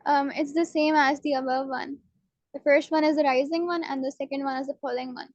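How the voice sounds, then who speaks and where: High-pitched eager woman student. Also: steady tone, a little fast, a little mellow, no room sound, muffled recording. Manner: eager, volunteers first. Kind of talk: answering in an online class.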